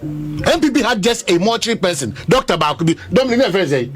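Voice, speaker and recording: A man's voice: high-pitched, very animated, quick pace, over music. A Ghanaian man and political commentator arguing heatedly in a panel debate, insistent and talking over the others.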